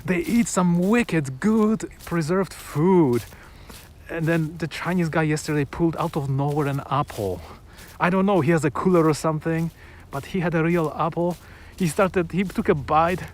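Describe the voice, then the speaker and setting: A man's voice: fairly high pitch, normal speed, a little hiss or hum. A man chatting casually and enthusiastically, rambling with restarts and small chuckles, outdoors on a sunny afternoon. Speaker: vlogger. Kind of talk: casual chat to camera.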